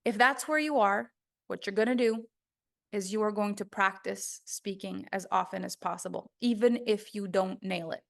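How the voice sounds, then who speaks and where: A woman's voice: mid-range voice, moderate pace, gravelly, a bit bright. A woman voice coach teaching an online course, speaking earnestly and emphatically and acting out what her students say to themselves.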